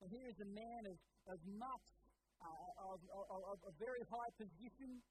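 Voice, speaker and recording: An earnest pastor delivers a sermon and addresses the listeners directly. They often pause to ask the congregation rhetorical questions. A faint background hiss sits under the voice. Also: mid-range voice, darkish tone, rough recording.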